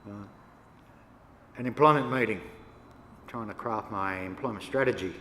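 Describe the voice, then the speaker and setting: An older Australian man, a First Nations elder, telling stories to an audience in a relaxed, yarning way with laughs between them. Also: fairly low pitch, normal speed. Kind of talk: storytelling talk to an audience. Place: church hall. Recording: echoey hall, faint room noise.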